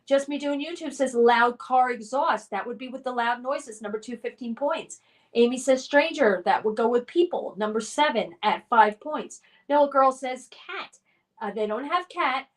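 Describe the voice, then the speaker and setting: A woman's voice: high voice, moderate pace, recorded from a distance. A woman hosting a casual live stream game, reading out viewers' comments and cheering them on. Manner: reads viewer comments aloud, cheerful and encouraging.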